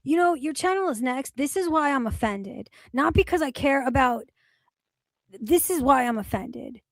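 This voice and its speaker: A woman hosting a casual livestream, her voice pitched high and her talk full of sarcastic, profane rants. The sound is close and dry, with almost no room around it. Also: expressive, normal speed, dry recording. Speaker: streamer host.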